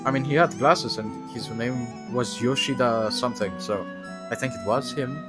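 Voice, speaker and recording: A man casually commenting on a video game as he streams it, thinking aloud and sometimes yelping with excitement. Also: medium pitch, moderate pace. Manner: chatty, thinks aloud, bursts into excited yelps. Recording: game music playing behind.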